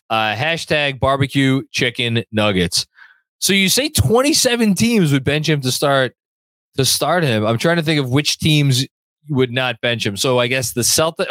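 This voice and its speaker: Excitable man hosting a sports podcast. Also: mid-range voice, no echo. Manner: excitable, rambling, many fillers and restarts. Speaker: podcast host. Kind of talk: casual sports podcast chat, reading viewer comments.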